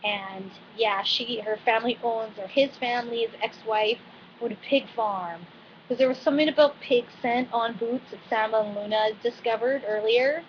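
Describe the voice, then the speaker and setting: A woman giving a casual, chatty recap of a TV episode, talking with animated asides and frequent fillers. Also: on the high side, normal speed. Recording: dull lo-fi recording with faint noise.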